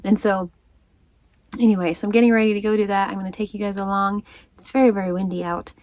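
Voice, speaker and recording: A woman talks straight to her camera in a loose, rambling vlog chat. She laughs often, loses her train of thought and keeps going in an easy, friendly flow. Her pitch sits in the middle of the usual range for a woman. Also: steady tone, fast, darkish tone, no room sound. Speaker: crochet vlogger. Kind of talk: casual chat.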